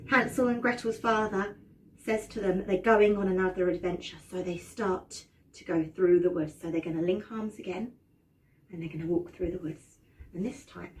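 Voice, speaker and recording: A woman drama teacher telling a children's story with animated expression and dramatic gasps, prompting her class to join in. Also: fairly low pitch, a little fast, distant mic.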